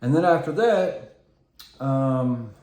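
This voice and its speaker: A man talks to camera in a loose, wandering monologue, hopping from one tangent to the next with plenty of hesitant "um"s. His voice sits in an ordinary middle pitch. The room around him rings with a noticeable echo. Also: expressive, takes it slowly, darkish tone. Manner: meandering, full of filler ums and tangents. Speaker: vlogger. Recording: echoey room.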